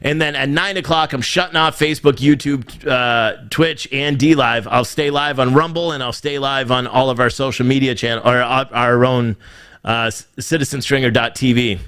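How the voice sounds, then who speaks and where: A man's voice: medium pitch, fairly even intonation, moderate pace, fairly bright tone, clean tone. Angry man ranting on a livestream. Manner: angry, exasperated, swears freely. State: irritated. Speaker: livestream show host. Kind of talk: casual ranting livestream talk.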